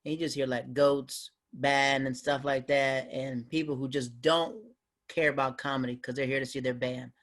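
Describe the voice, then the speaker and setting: A man's voice: medium pitch, level tone, normal speed, a bit bright. A man, a guest comedian, telling stories in a casual podcast chat and acting out other people's voices. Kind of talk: casual storytelling in a podcast interview.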